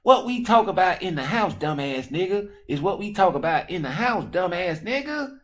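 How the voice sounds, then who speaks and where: A man's voice: sits high, sing-song, normal speed, voice pushed up. A man voicing an angry, strict father who curses and scolds his grown son. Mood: scolding. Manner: yelling, cursing, bossy.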